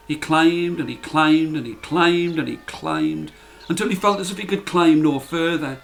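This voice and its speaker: Male storyteller, fairy tale, slow and a little high. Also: lively intonation, vocal fry, soft background music. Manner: slow, deliberate, repetitive storytelling. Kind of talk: storybook narration for children.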